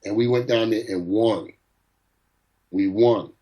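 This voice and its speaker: A man's voice: lowish voice, slow pace, mellow, rough recording. A middle-aged man, a boxing trainer, telling stories in an interview and acting out the people he quotes. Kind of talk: storytelling in an interview.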